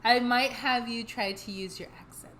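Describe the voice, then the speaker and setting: A young woman with a slightly high voice co-hosts a casual podcast. She mixes read-out history notes with jokey asides and laughs easily. A faint noise sits under her voice. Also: fairly even intonation, moderate pace, fairly bright tone, poor audio. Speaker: podcast co-host.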